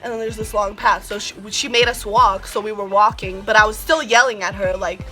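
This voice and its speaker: A woman's voice: medium pitch, steady tone, brisk, bright, forceful tone, soft background music. A teenage girl telling a storytime vlog in a sassy, profane, ranting way. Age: teens. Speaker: vlogger.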